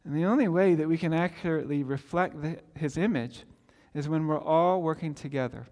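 A man in his forties, a pastor, preaches fairly quickly in a large hall, his slightly high voice carrying a darkish tone. He speaks like a conversational storyteller, often stopping to restart his sentences.

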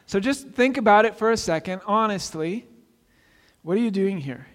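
High-voiced pastor preaching in a reverberant church. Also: male voice, animated, normal speed. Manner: conversational, asks the congregation questions. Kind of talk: sermon. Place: church sanctuary. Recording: long reverb of a church hall.

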